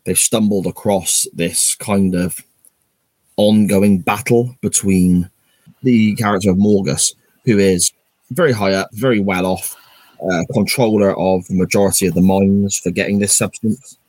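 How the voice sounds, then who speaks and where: A man's voice: low-pitched, steady tone, unhurried, a little mellow, no room sound. A man co-hosting a podcast in casual chat, explaining plot points at length. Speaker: podcast co-host.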